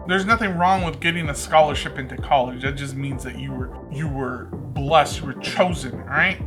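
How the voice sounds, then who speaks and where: A man's voice: fairly high pitch, expressive, brisk, hardly any pauses, pushed and bright, soft background music. A man with a lisp, joking and rambling as he reacts to a video. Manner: rambling, jokey, talks to the screen.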